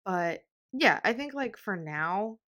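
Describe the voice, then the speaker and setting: A woman's voice: medium pitch, lively intonation, slow, fairly bright tone. A young woman in her twenties hosting a casual solo podcast, rambling with lots of fillers and laughs, getting emotional. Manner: emotional, on the verge of tears. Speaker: podcast host.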